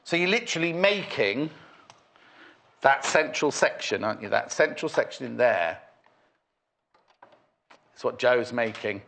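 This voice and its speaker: A man's voice: medium pitch, lively intonation, measured pace, gravelly, long pauses, a bit bright. A man from Northwest England hosting a live sewing shopping show, chatty and teasing as he reads out viewer messages. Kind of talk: live studio chat.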